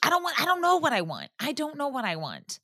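A woman with a bright, forceful voice chats on a podcast. She tells a lively story full of casual swearing and acts out each quote. Her voice sounds dry and close to the mic. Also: high voice, fast talker, no echo. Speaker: podcast guest. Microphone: headphones on, podcast mic.

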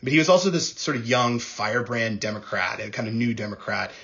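A man speaking as a guest on an interview podcast, answering in a measured, thoughtful way with frequent ums and uhs. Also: medium pitch, a bit bright, highs cut off. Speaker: podcast guest, former speechwriter. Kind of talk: conversational interview.

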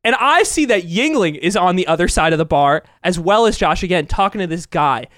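A man's voice: high-pitched, lively intonation, brisk, fairly bright tone, dry recording, studio quality. A young man co-hosting a podcast, telling a rambling story with lots of laughs and swearing. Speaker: podcast co-host. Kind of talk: casual storytelling.

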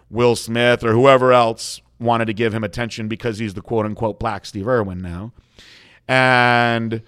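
A man's voice: lowish voice, no room sound, clean studio sound. A man telling a story in casual conversation as a guest, blunt and frank, acting out the dialogue as he goes. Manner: animated storyteller, acts out quoted dialogue.

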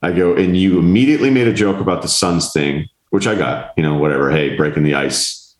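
A man's voice: deep voice, brisk, roomy sound. A man hosting a podcast, telling a long story in casual chat, acting out the people in it and swearing freely. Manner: animated, mimics others in quotes, swears. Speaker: podcast host.

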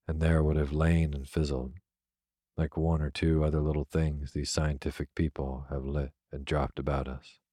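A man reading a classic novel aloud as a soft, unhurried bedtime story. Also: extremely low pitch, no echo, clean studio sound. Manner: soft, even, unhurried delivery. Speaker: narrator. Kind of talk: slow, soothing sleep-story reading.

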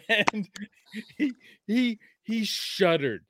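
A man in his thirties hosting a casual sports podcast, telling stories excitedly and swearing freely. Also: medium pitch, unhurried, noisy background. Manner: excitable, profane storytelling. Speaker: podcast host.

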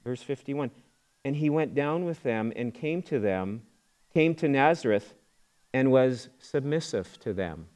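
A man's voice: medium pitch, expressive, a little slow, a little mellow. A middle-aged man preaching a sermon as pastor, in a conversational way, often repeating words and acting out quoted voices.

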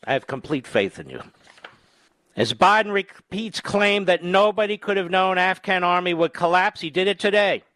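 A man hosting a political talk radio show, emphatic, jumping between loud rising outbursts and low asides into a studio microphone. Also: expressive, moderate pace, dry recording.

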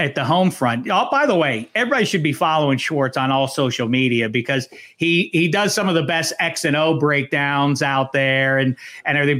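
A man's voice: a little high, fairly bright tone. A man co-hosting a podcast who needles his partner with teasing questions. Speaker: podcast co-host. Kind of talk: casual podcast chat.

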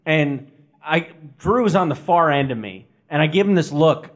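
Podcast guy, kinda high voice, wry and chatty. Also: lively intonation, moderate pace. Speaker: podcast co-host. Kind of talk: casual podcast storytelling.

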